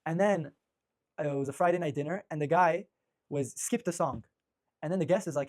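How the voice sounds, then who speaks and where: Fast-talking, high-voiced male rabbi. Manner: energetic, rapid, many restarts and fillers. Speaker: rabbi teaching a class. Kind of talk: informal religious lecture.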